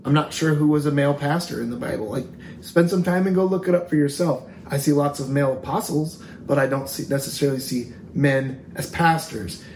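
With a fairly high, darkish voice and a slightly quick delivery, this man co-hosts a faith talk show. His casual chat takes on an earnest, emphatic, preacher-like tone that keeps intensifying, recorded in an echoey room with faint noise.

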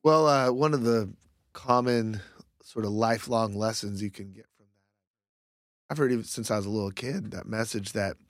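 A man talking through a Bible passage in a casual faith discussion, reflective and halting, with many fillers and restarts. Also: on the low side, no echo, clean studio sound.

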